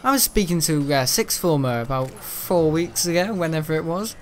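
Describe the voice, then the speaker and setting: A man's voice: fairly high pitch, normal speed. A man chatting casually while streaming a game, rambling and joking and laughing often. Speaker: gaming streamer. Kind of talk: casual livestream chat while gaming.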